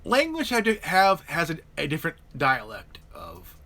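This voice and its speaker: A man in a loose, unscripted political chat on a live stream. His voice sits a little high and sounds bright and forward. He keeps restarting his sentences and repeating words as he talks. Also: huge pitch swings, normal speed, a little hiss or hum.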